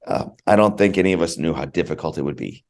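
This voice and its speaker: A man's voice: low voice, lively intonation, quick pace, vocal fry. A man, a podcast guest, telling a personal story in conversation, earnest and heartfelt, often repeating words for emphasis.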